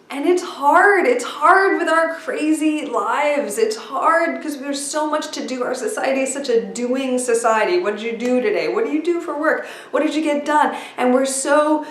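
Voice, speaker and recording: A middle-aged woman with a slightly high voice tells stories in a chatty, meandering way, full of fillers. Her voice carries from some distance off the mic, and the room around her is echoey. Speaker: speaker sharing breathing tips. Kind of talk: casual storytelling talk.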